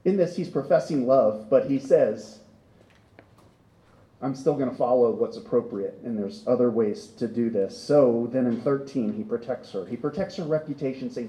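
Male pastor, earnest sermon delivery, warm dark voice, echoey sanctuary sound. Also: medium pitch, moderate pace, dull audio. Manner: earnest, building to impassioned emphasis.

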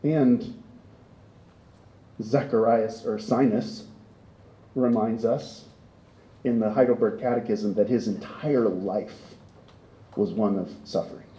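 Male pastor, earnest sermon delivery, warm dark voice, echoey sanctuary sound. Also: fairly low pitch, steady tone, takes it slowly, pauses often. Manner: earnest, building to impassioned emphasis.

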